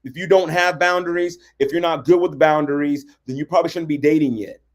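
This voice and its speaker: A man's voice: a little high, steady tone, brisk. A man teaching relationship boundaries on a livestream, talking conversationally and often checking in with "right?". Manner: conversational, keeps asking "right?". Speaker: relationship coach.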